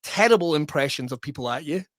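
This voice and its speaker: Male podcast host, playful, laughs a lot, high pitch, dry close recording. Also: expressive, a bit bright, dry recording. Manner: jokey, laughs often, quick interjections. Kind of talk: casual podcast chat.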